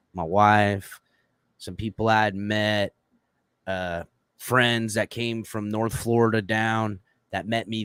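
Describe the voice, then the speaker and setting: A man's voice: fairly low pitch, fairly bright tone, clear, resonant tone, no room sound. A man telling a long story in casual podcast chat, profane and full of fillers, acting out quoted lines in a raised voice.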